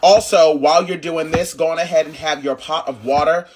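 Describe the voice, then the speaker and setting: A man's voice: fairly high pitch, steady tone, a little fast, background noise. A man hosting a casual cooking tutorial, emphatic and playful, repeating his points with teasing scolds. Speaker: home cook, channel host.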